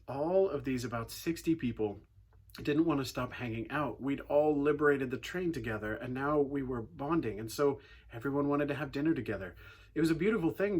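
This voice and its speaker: A man giving a youth talk, telling a funny story with lively acted-out quotes before turning to a message. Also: mid-range voice, slightly rough. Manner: animated storyteller, acting out quotes. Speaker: youth speaker.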